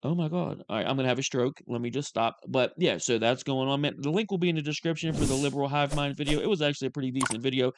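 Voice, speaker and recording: A man's voice: medium pitch, racing, few pauses. A man hosting casual commentary, ranting in an exasperated, profane way. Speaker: commentary host.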